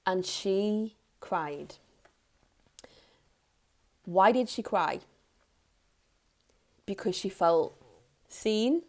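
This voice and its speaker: A woman in her thirties, a parenting coach, giving earnest advice straight to the camera in a soft tone, repeating key phrases for emphasis. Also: medium pitch, lively intonation, drawn-out words, long pauses. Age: 30s. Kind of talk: direct-to-camera advice talk.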